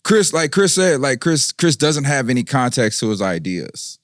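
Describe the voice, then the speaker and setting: A man's voice: medium pitch, very animated, moderate pace, no room sound, clean studio sound. A young man co-hosting a podcast in casual chat, emphatic and repeating phrases for effect. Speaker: podcast co-host.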